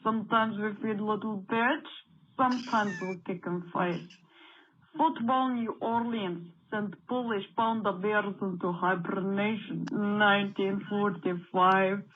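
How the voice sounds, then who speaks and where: Woman putting on a gruff fake-Russian taunter. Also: medium pitch, fairly even intonation, a little slow, close to an everyday voice. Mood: mock menacing. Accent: put-on Russian. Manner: mock-menacing broken English. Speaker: caller. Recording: dull lo-fi voicemail with faint noise.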